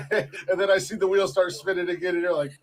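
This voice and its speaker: This man co-hosts a casual podcast, and his voice sits a bit high. He teases his friends constantly and breaks into laughter as he goes, often repeating words as he restarts. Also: fairly even intonation, fairly quick. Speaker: podcast co-host. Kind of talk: casual banter among friends.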